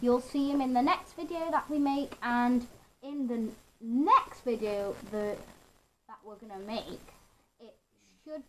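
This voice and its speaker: Woman, slightly high voice, casual show-and-tell, halting, rambling, faint background noise. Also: low-quality recording. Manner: rambling, halting explanations with many restarts. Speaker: vlogger showing her pet toad. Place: home.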